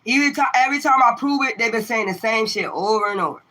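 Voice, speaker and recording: Her voice is a little high, fast, pushed and bright as this tarot-reading livestreamer rants at her viewers. She stays profane and confrontational throughout, hammering the same rhetorical questions again and again.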